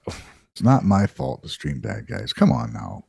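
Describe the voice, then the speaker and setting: A man's voice: deep voice, wildly swooping pitch, unhurried, gravelly, warm tone, slightly rough, no echo, studio quality. A man co-hosting a casual podcast, running the stream and bantering playfully.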